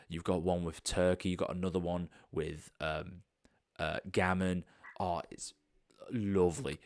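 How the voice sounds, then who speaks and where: Male game master, deep voice, relaxed descriptive narration. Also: dry recording, clean studio sound.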